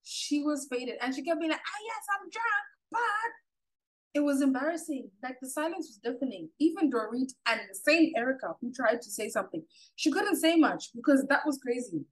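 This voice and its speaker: Animated woman recapping with a higher voice. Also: a little fast, rough recording. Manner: animated, quotes people in mocking voices. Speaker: podcast co-host. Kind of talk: casual chat.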